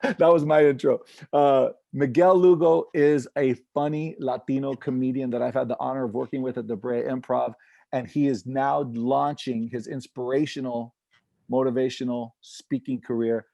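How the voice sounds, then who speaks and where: Earnest, mellow-voiced male motivational speaker. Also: mid-range voice, moderate pace, vocal fry, dry recording. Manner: energetic, earnest, with animated quoted voices. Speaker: inspirational speaker and comedian. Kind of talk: motivational speech on a video call.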